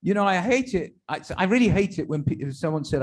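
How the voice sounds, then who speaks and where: A rabbi fires off jokes to his congregation in a high, animated voice, talking fairly quickly with hardly any pauses. He mixes chatty, self-mocking asides in between the punchlines, like a stand-up routine.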